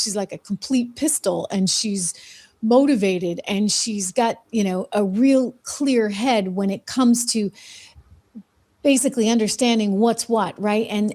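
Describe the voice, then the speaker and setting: A woman's voice: medium pitch, a little mellow. Middle-aged female news host, opinionated and conversational, full of fillers. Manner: chatty, opinionated, frequent fillers and restarts.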